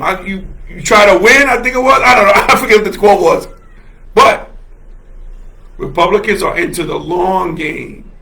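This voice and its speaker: A man hosting a solo livestream speaks with passion in a high, bright, forceful voice, hitting words hard. He laughs often and repeats himself while reading viewer comments.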